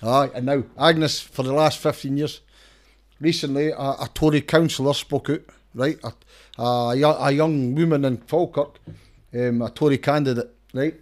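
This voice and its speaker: This is a middle-aged man with a broad Scottish accent, speaking at an ordinary mid pitch. He talks in a casual, emphatic way, pressing each point hard. He often restarts his sentences and repeats words as he goes. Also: steady tone, normal speed. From Scotland. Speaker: campaigner and lawyer, interview guest. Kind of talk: casual interview talk.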